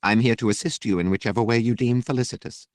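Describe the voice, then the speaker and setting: A man's voice: medium pitch, steady tone, quick pace, no room sound, studio quality, voice pushed up, close to an everyday voice. A man voicing a male librarian droid with a posh, clipped manner that sounds faintly disapproving. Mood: prim, polite.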